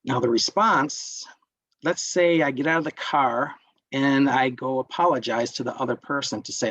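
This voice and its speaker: A man's voice: medium pitch, moderate pace, a bit bright, no room sound, poor audio. A man leading an interactive wellness workshop, lecturing and putting questions to the group. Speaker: workshop instructor.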